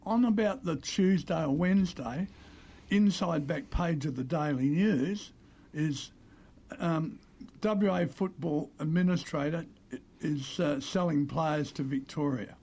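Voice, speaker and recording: An older Australian man telling animated stories as an interview guest, acting out the voices of the people he quotes. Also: fairly high pitch, a little slow, creaky, breathy edge. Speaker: interview guest, former player agent. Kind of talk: conversational storytelling.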